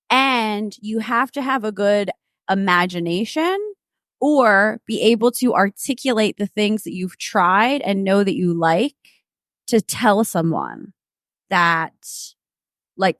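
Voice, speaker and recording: A woman's voice: mid-range voice, animated, takes it slowly, fairly bright tone, no room sound, studio quality. A woman co-hosting a podcast in casual chat, talking frankly and with self-assurance. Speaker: podcast co-host.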